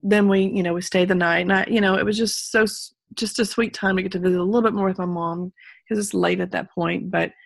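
Speaking fast in a steady, mid-range, creaky voice, this Texas woman recounts her own story as an interview guest. The audio is studio quality with no echo, and her talk is rambling, full of ums and restarts, and sincere about her faith.

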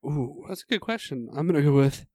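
A man's voice: fairly high pitch, lively intonation, brisk, mellow, no room sound, studio quality. A man in a casual chat, talking loosely and rambling as he searches for words.

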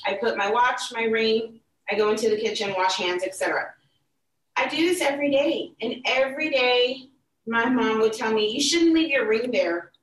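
Brief: woman, higher voice, animated storyteller, recorded in a roomy space off-mic. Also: normal speed, recorded from a distance. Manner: animated, acts out quoted dialogue. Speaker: podcast guest. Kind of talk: casual storytelling.

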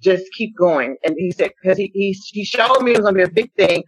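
A woman guest on an interview show telling her own story in a lively, conversational way, often acting out what people said. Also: medium pitch, fairly quick, slightly rough, low-quality recording. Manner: animated storyteller, acts out quotes. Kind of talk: conversational testimony.

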